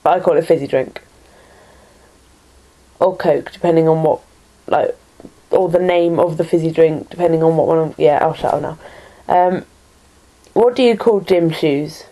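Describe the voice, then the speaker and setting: A woman's voice: low-pitched, normal speed, long pauses, dark tone, rough recording. A woman from Norfolk with a Norfolk English accent, chatting in a casual vlog and reading out a word list, hesitant with many ums and self-deprecating asides, recorded on a computer webcam at home. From Norfolk, England.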